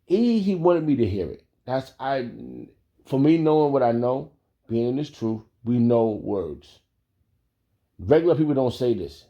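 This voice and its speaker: Gravelly, animated man telling a story. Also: medium pitch, measured pace, dull audio. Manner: animated, profane, laughs often. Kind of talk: casual storytelling.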